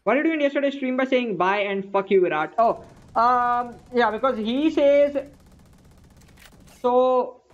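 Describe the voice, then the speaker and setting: A young woman, live-streaming games and chatting casually, excitable and swearing at the game. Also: a little high, a little slow, long pauses, dull audio. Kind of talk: casual live-stream chat while gaming.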